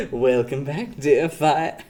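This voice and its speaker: A woman chatting on a live stream in a relaxed, unhurried way. Her voice sits low but swings widely, and she swears freely and breaks into laughter often. Her talk is rambling and casual.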